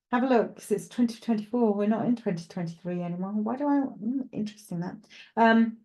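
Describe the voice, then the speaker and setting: A woman's voice: medium pitch, mellow. A woman with a Welsh accent presenting live psychic readings, talking reassuringly and chattily to a caller.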